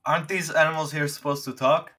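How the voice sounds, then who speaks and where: Casting: a male tabletop player, flustered and chatty, with a bright, forceful voice. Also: on the high side, steady tone, quick pace. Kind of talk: casual tabletop game chat.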